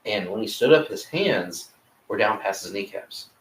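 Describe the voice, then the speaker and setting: Another young podcast co-host talks at a moderate pace with a fairly low, expressive voice. He's relaxed and casual, cursing often and starting his sentences over. It sounds like he's far from the mic in a room with echo.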